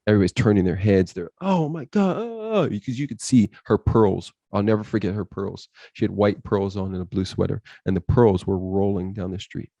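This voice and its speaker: Low-voiced man telling an intense story. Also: level tone, brisk, gravelly, hardly any pauses, mellow, no echo, dull audio. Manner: intense, quotes his inner voice and others. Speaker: podcast guest.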